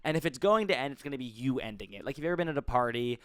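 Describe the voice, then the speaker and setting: A man's voice: mid-range voice, lively intonation, very fast, clear, resonant tone, no room sound. A man vlogging, telling a casual rambling story with constant "like" fillers and the odd swear word.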